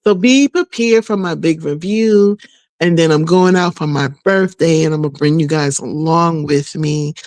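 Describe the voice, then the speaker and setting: A middle-aged woman chatting casually in a vlog, rambling and folksy, laughing often and a little hoarse from losing her voice. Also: low-pitched, normal speed, a little mellow, dry recording. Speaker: vlogger.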